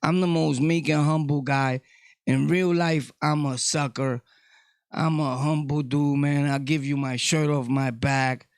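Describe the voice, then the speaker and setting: A middle-aged man with a New York accent, ranting casually to his viewers, loud one moment and low the next. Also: fairly even intonation, a little slow, smooth, no room sound, clean studio sound. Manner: loud, shifting between shouting and low talk. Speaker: vlogger. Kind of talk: casual rant to camera.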